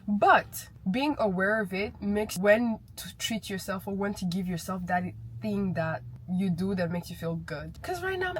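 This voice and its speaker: A woman's voice: mid-range voice, a little hiss or hum. A young woman, chatting animatedly in a casual vlog and telling stories as she walks outdoors in a city. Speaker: vlogger.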